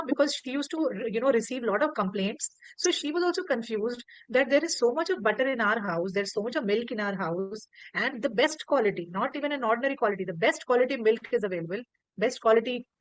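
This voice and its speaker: Indian woman storyteller, animated, repeats herself, fairly high voice, dry call audio. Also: fast, no room sound, low-quality recording. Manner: animated, repeats words while telling. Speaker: devotional storyteller. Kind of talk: online class storytelling. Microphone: video call.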